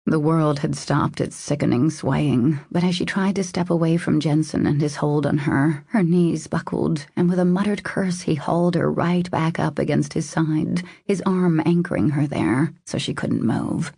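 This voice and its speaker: Woman narrating an audiobook, deep husky voice, dry close sound. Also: moderate pace, few pauses, dark tone, dry recording. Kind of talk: scripted narration.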